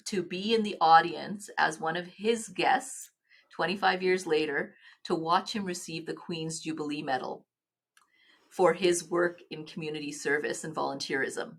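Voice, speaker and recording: A middle-aged woman, telling personal stories as a podcast guest in an earnest, halting way with many restarts. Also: low-pitched, a bit bright. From Canada. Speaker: guest, nonprofit executive. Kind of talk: podcast interview storytelling.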